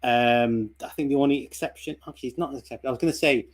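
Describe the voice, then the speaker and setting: British male host, mid pitch, relaxed and rambling livestream chat. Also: very fast. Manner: loose, rambling, full of ums and restarts. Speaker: stream host.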